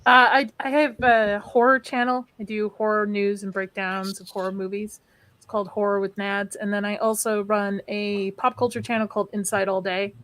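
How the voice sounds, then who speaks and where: A woman's voice: mid-range voice, little pitch movement, normal speed, fairly bright tone, no echo. Matter-of-fact woman on a panel. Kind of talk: casual livestream panel chat.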